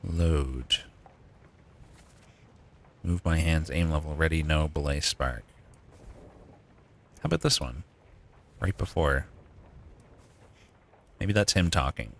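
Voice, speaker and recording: Deep-voiced man thinking aloud on stream. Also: slow pace, long pauses, slight background noise. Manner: thinking aloud, profane, laughs often. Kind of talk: live gameplay commentary.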